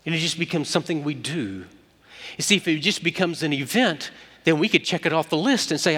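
A man preaching a sermon, moving between loud emphatic peaks and hushed quiet passages. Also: a little high, animated, a little fast, slightly rough. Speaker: pastor. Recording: long hall reverb.

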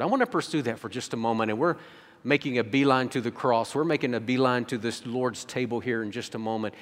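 A man's voice: medium pitch, fast talker. Male pastor preaching in a reverberant sanctuary. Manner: conversational, repeats words while thinking. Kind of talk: sermon. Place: church sanctuary. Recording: long hall reverb.

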